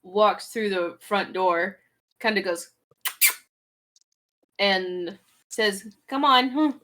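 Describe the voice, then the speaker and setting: A woman's voice: medium pitch, drawn-out words. A woman playing a tabletop game, describing her character's actions and quoting what he says. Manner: narrates her character in third person, quotes his lines flatly. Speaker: player. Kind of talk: tabletop role-play, voicing her character.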